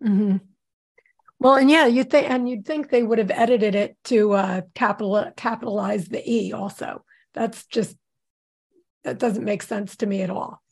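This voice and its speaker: A woman's voice: medium pitch, measured pace, gravelly, a little mellow, breathy edge. A woman co-hosting a casual podcast, chatty and agreeable. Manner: chatty, agreeable, laughs often. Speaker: podcast co-host. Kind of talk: casual chat.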